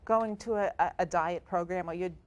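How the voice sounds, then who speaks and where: A woman's voice: lowish voice, moderate pace. A middle-aged woman, an author and diet coach, explaining her ideas earnestly in a casual interview and repeating her key points.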